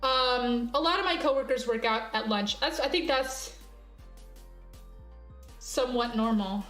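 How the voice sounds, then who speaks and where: A woman's voice: a little high, measured pace, a bit bright, soft background music. A woman streaming live, chatting casually with her viewers and reading their messages aloud. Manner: chatty, laughing, reads chat aloud. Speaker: virtual streamer.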